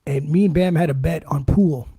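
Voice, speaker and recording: A man hosting a podcast in casual chat, telling animated stories, swearing a lot and acting out what people said. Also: on the high side, moderate pace, breathy edge, no room sound. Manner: animated storyteller, swears a lot, acts out quotes. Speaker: podcast host.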